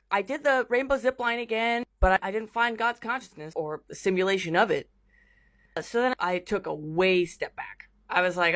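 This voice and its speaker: A woman telling a personal experience in a vlog, animated and lively, acting out the voices of people she quotes. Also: mid-range voice, moderate pace. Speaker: vlogger.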